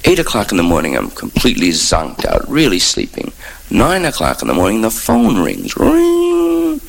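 A man's voice: deep voice, huge pitch swings, brisk, gravelly, slightly rough. A man from New York doing a rambling stand-up monologue full of hip slang, wry and offhand, in a noisy old live recording. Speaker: stand-up comedian.

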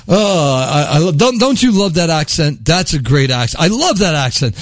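A man's voice: fairly high pitch, very animated, normal speed. A man delivering a sarcastic, mocking political monologue, rambling at times. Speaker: commentator.

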